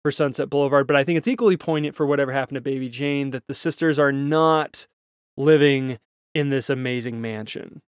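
A man's voice: mid-range voice, fairly even intonation, fairly quick, clear, resonant tone, no echo, clean studio sound. A man co-hosting a podcast, comparing films in a casual, analytical way with small chuckles. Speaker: podcast co-host. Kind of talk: casual film discussion.

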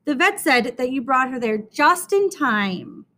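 A woman reading aloud plays a little schoolgirl in a storybook. She speaks in a very high, tearful voice that rises and falls widely, drawing out her words slowly. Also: sing-song, pushed and bright, full character voice. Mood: relieved.

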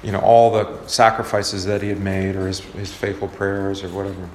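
Man, pastor, casual Bible study teaching, questions to the group, low-pitched, roomy echo. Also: flat delivery, moderate pace, a little mellow. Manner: conversational, asks the group questions, many fillers. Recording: roomy echo, faint background noise.

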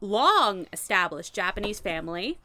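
A woman co-hosting a casual podcast, animated and laughing often, swearing freely as she recaps an old sitcom. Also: medium pitch, normal speed. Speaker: podcast co-host.

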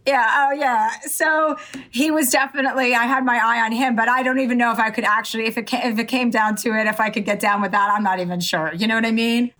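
A woman's voice: on the high side, fairly even intonation, fast, a bit bright. A woman in her forties, a comedian who is a podcast guest, talking candidly in a rambling, loose way full of fillers. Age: 40s. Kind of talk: casual podcast chat.

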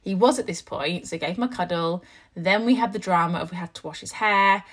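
A woman's voice: fairly low pitch, brisk, fairly bright tone, breathy edge. A young woman, chatting casually to viewers and telling a story at length, full of "like" and restarts. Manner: chatty, rambling, heavy use of "like". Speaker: mum vlogger.

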